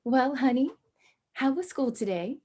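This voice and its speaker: A woman playing a tender young mother in a stage play, speaking softly and achingly. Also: sits high, lively intonation, a little slow. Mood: gentle.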